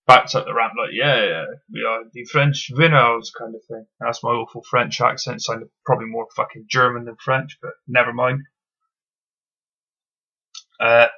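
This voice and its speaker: A man talks through a wrestling show in a blunt, opinionated review, swearing freely and filling pauses with ums. His voice is bright and gravelly with some fry. The recording is dull and lo-fi. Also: medium pitch. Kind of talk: casual solo review.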